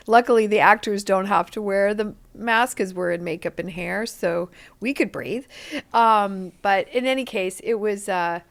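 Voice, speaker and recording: A woman, an actress guest on a podcast interview, chatting casually and acting out the lines of people in her stories. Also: mid-range voice. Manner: animated storyteller, acts out quotes.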